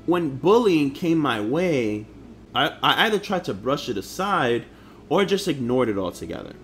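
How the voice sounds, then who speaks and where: Animated young New man telling stories. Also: mid-range voice, normal speed, soft background music. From Harlem, New York. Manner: blunt, profane, slangy ("bro", "yo"). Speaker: vlogger. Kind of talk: casual storytelling vlog.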